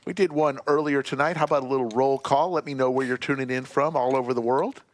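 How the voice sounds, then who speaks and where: A man commentating a live poker stream, chatting and reading out viewer shout-outs. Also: medium pitch, steady tone, fast talker.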